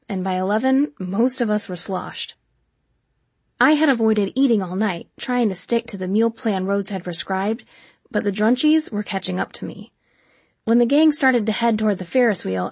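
A woman narrating a first-person novel as an audiobook in a steady, even storytelling manner. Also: medium pitch, breathy edge, no echo.

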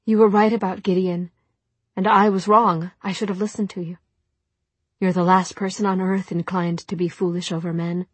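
A remorseful, emotionally drained young woman, played by a woman narrator. She speaks quietly and earnestly in an everyday voice with a husky grain. Close, dry recording. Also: fairly low pitch, little pitch movement, normal speed, dry recording.

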